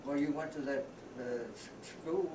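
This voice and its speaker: An older man who speaks haltingly and keeps restarting words. His delivery is flat and monotone. He is heard from across a roomy room on a hissy home video. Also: a little high. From rural Texas. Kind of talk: casual family reminiscence. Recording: roomy, distant home-video sound with hiss.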